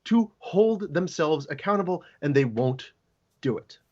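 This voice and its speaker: A man talking as a legal expert guest on a podcast, sarcastic and animated, acting out quotes as he explains. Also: a little high, unhurried, lo-fi sound. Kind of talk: casual podcast discussion.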